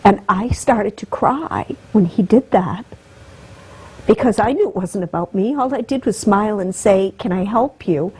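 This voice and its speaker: A woman's voice: medium pitch, expressive, a little slow, darkish tone, husky, rough recording. A woman guest telling an emotional personal story, her voice rising and catching with feeling. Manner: heartfelt, voice rising and breaking with emotion.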